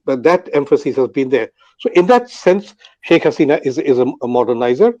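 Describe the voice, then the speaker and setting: A man's voice: mid-range voice, lively intonation, a little fast, dark tone, no room sound, dull audio. An older man from Bangladesh speaking as a panel guest, talking off the cuff with many fillers and restarts. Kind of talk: unscripted commentary on an online audio panel.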